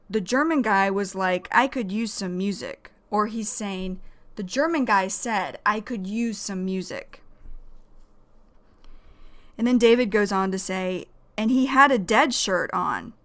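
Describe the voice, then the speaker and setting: A woman's voice: medium pitch, slow pace, long pauses. A woman teaching an English vocabulary lesson, explaining words carefully and repeating them.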